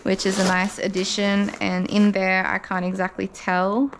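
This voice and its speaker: An Australian car vlogger unboxes car parts, gushing and swearing often as she slowly pulls them out. Her mid-range voice is monotone and creaky, with a little hiss or hum in the audio.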